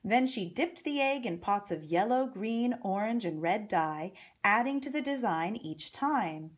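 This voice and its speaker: A woman reading a picture book aloud to young children, gently pointing out the pictures. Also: mid-range voice, lively intonation, measured pace, slightly rough. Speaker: storyteller.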